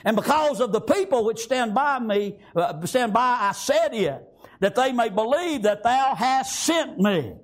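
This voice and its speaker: A man preaching a fiery revival sermon in church, breaking into shouts and filling pauses with "amen" and "praise God.". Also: very high-pitched, expressive.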